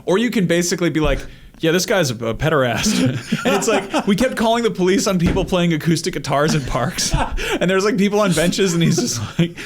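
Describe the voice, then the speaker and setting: A man's voice: high-pitched, expressive, brisk, background noise. Laid-back podcast guy. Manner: laid-back, rambling, playful. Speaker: podcast co-host. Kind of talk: casual podcast chat.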